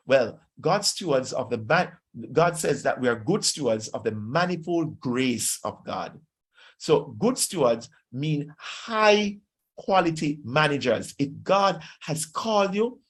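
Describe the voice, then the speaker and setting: A man's voice: medium pitch, animated, slow pace. A pastor with a Jamaican accent preaching a sermon, exhorting his listeners and slipping into Patois phrases.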